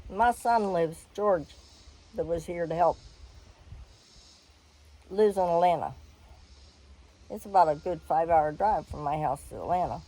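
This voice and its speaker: Frank older woman, low warm voice. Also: unhurried, pauses often, rough recording. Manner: frank, animated, laughs and swears freely. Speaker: storyteller. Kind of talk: personal storytelling.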